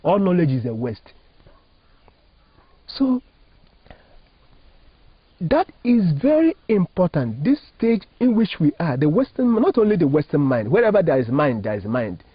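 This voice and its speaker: A man's voice: a little high, very animated, a little slow, long pauses, breathy edge, no room sound. A man from Nigeria, a Catholic priest, teaching in an interview with an emphatic, preacherly manner and rhetorical questions. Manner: emphatic, preacherly, rising and falling phrasing, asks rhetorical questions. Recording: dull lo-fi dry recording.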